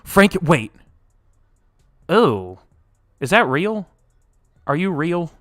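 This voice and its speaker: A young man streaming live, reading chat aloud and reacting, swinging from low mumbles to loud outbursts, his voice wearing out. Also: sing-song, very slow, dry recording, clean studio sound.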